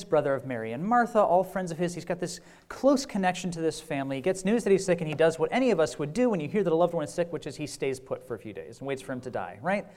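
A man's voice: a little high, darkish tone. A man teaching a conference sermon in a conversational way, with frequent fillers, rhetorical "right?" checks and wry humor. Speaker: pastor.

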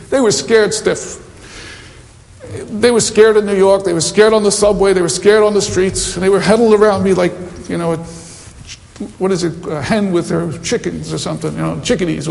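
A man preaches a sermon, moving between teaching and mission anecdotes with chatty asides. His voice sits high and carries a gravelly edge. The recording has the long reverb of a hall around him. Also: darkish tone. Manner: anecdotal, conversational, many asides. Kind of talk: sermon with storytelling.

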